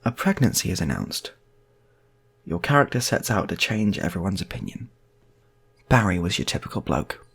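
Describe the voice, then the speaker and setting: A man's voice: low voice, big pitch swings, moderate pace, creaky, long pauses, a bit bright, husky. A man improvising comic stories in a rambling, laid-back way, repeating himself. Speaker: storyteller.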